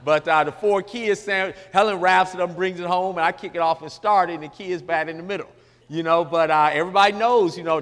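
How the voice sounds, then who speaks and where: A man's voice: sits high, a bit bright, big-room sound. A middle-aged man preaching in a folksy, joking, emphatic way. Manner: folksy, joking, emphatic, mocks formal prayer. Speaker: pastor. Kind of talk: sermon-style radio talk.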